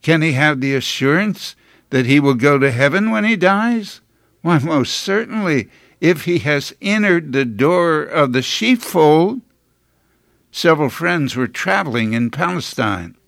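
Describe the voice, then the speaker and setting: A man preaching a sermon in a slow, deliberate delivery. His voice sits a little high for a man and carries a gravelly edge. The sound is dry and close, and his manner is earnest, with emphatic rises. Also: animated, fairly bright tone, dry recording. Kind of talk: scripted sermon.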